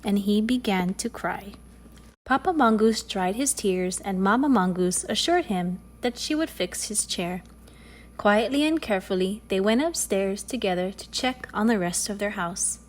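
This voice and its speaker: A woman reads a children's picture book aloud. Her telling is playful and expressive, in a mid-pitched voice. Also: moderate pace. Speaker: storyteller. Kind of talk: children's story reading.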